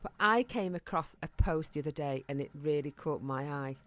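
A woman's voice: sits low, moderate pace, fairly bright tone. A middle-aged woman co-hosting a podcast, telling jokey stories in casual chat. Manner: chatty, jokey storytelling. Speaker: podcast co-host.

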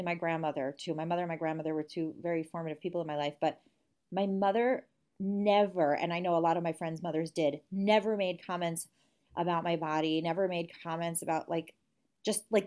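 Forties woman guest, candid and thoughtful, restarts often, slightly low-pitched voice. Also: a little mellow. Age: 40s. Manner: reflective, candid, frequent restarts. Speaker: guest speaker and author. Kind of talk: conversational interview.

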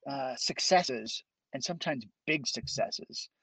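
Relaxed guy musician chatting, lots of ums, dry close sound. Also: mid-range voice, slow, gravelly, husky, no room sound, low-quality recording. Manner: easygoing, laughs often, hesitant fillers. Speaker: guest, musician and arts teacher. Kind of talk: casual interview chat.

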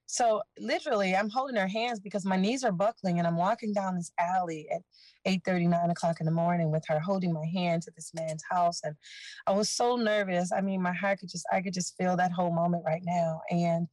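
A woman's voice: lowish voice, no echo, rough recording. A woman guest earnestly telling her own life story in an interview, plainly and openly. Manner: earnest, animated retelling, voicing others in dialogue.

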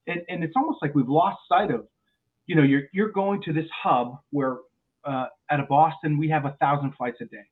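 Animated man talking over a tinny line. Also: on the high side, normal speed. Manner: animated storyteller with frequent restarts and repeated words. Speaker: airline pilot guest. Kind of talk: podcast interview chat. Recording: phone-like narrow sound.

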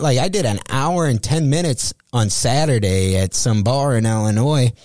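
Profane storytelling comedian, dry close mic. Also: male voice, medium pitch, normal speed, no room sound. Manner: profane, animated storyteller acting out quotes. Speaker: stand-up comedian guest. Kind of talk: casual podcast chat.

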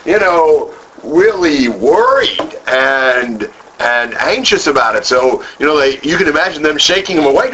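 A man leads a group Bible study at an unhurried pace, his pitch rising and falling widely as he quizzes the group and builds on their answers. The recording is muffled and lo-fi, with a faint hiss underneath. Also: huge pitch swings, sharp tone. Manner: asks the group questions, then repeats and expands on their answers. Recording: dull lo-fi room recording with faint noise.

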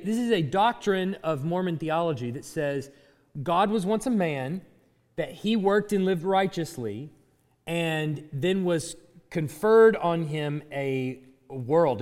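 A man teaching a class, speaking in an animated way, chuckling often and restarting his sentences. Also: on the high side, a little slow. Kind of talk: class lecture. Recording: hall reverb.

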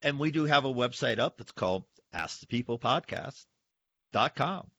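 A retired older man co-hosting a podcast, chatting in a relaxed, conversational way. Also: medium pitch, normal speed, no room sound. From United States. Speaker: podcast co-host. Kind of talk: casual podcast chat. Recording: dull, distant lo-fi sound.

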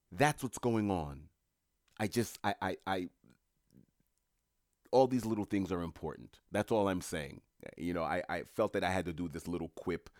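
Man, very low voice, dry close sound, rambling casual monologue, mocking asides. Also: no echo. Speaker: commentator.

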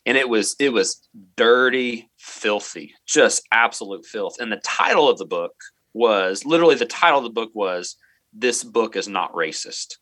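Earnest bright-voiced man telling a story. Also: lowish voice, animated, no echo. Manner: earnest, halting, many restarts and fillers. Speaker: middle school math teacher, interview guest. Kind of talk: storytelling in a podcast interview.

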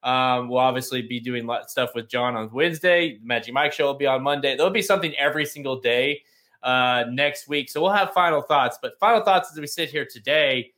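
Bright-voiced casual male podcast host. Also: mid-range voice, brisk. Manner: loose, rambling with many fillers. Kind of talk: casual chat.

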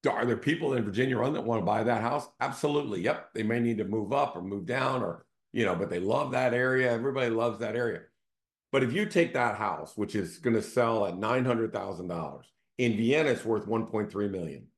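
A man with a somewhat low voice hosts his own show. He talks in a relaxed storytelling way and keeps checking in with his listeners. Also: fairly quick. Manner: conversational, often checks in with "right?". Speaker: real estate team CEO hosting a show. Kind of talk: casual storytelling monologue.

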